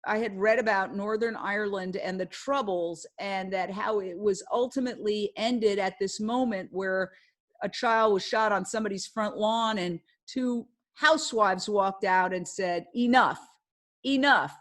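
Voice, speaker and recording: A woman's voice: mid-range voice, fairly even intonation, measured pace. A woman journalist telling a story in a passionate, emphatic way during a casual live talk. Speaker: guest speaker, journalist.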